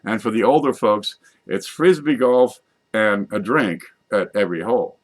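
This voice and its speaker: A man's voice: fairly low pitch, normal speed. A middle-aged man talking in a loose, folksy, joking monologue, wandering from idea to idea and correcting himself as he goes. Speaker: vlogger. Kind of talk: rambling comic monologue.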